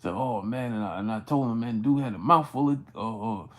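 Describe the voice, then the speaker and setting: A sports channel host speaks briskly in a mid-range voice, casually rambling through a story on his livestream. Fillers and restarts abound, and he keeps breaking off to say hello to chat viewers by name.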